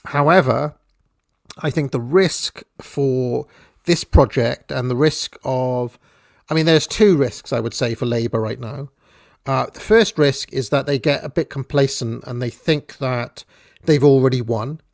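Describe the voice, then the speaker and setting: A man's voice: medium pitch, a little slow, creaky, dry recording, studio quality. A man giving blunt, irreverent political commentary in a casual, profane rant.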